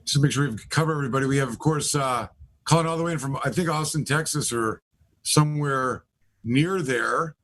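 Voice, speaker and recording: Middle-aged male host, loose and rambling, casual live-show patter, mid-pitched voice. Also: a little fast, a bit bright. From Michigan. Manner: loose, rambling introductions with many fillers. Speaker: host, attorney.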